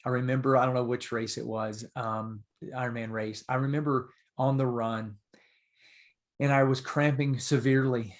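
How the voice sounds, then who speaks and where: A man guesting on a podcast, telling stories in a casual, animated and earnest way. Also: medium pitch, normal speed. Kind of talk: casual storytelling.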